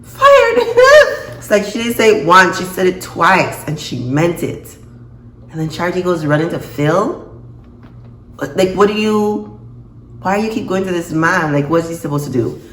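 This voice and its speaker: A woman reviewing a TV episode in a casual vlog, expressive and quick to laugh and gasp. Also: lowish voice. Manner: expressive, reacts with laughs and gasps. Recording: echoey room, faint noise.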